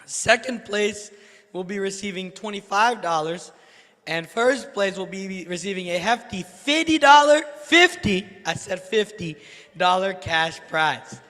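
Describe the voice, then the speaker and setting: A hoarse man announcing contest winners at a banquet, joking and hyping up the crowd. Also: high-pitched, animated, measured pace, sharp tone, long reverb tail. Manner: joking, playful, hypes the crowd. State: hoarse from losing his voice. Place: large banquet hall.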